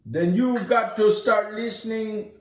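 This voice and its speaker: A man's voice: high-pitched, moderate pace, slight background noise, natural voice. A man hosting an online talk room as a preachy Rasta guru with a Jamaican accent, calling everyone brother. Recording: echoey, distant online audio.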